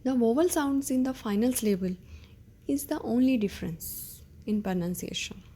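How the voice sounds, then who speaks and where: A woman teaching a beginner language lesson, patient, repeating words slowly and checking in with "okay?". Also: a little high, mellow, slightly rough. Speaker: French teacher.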